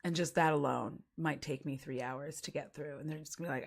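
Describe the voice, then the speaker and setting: A woman chats casually on a livestream, rambling from thought to thought with frequent giggles and fillers. Her voice sits low with a gravelly fry. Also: fairly even intonation, fairly quick, few pauses. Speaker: streamer.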